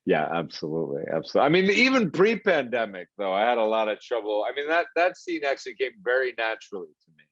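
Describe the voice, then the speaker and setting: A man chats in a casual interview, joking at his own expense and laughing often. His voice sits at an ordinary middle pitch. The sound is dry and close but somewhat muffled. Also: very animated, quick pace, fairly bright tone, no echo. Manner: laughing, self-mocking, jokey. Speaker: actor interview guest.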